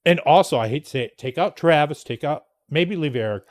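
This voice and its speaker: A man hosts his show in a loose, rambling monologue. His voice sits slightly high and moves a lot in pitch. He is blunt and drops profanity casually as he tells the story. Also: expressive, fairly quick. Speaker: podcast host.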